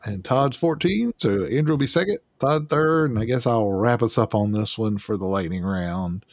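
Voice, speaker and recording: A man's voice: on the low side, lively intonation, normal speed, no room sound. A man hosting a laid-back movie podcast, his voice rising and falling a lot as he moves the panel through its segments. He laughs easily and keeps it casual, and the sound is close and dry. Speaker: podcast host. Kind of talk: casual movie review chat.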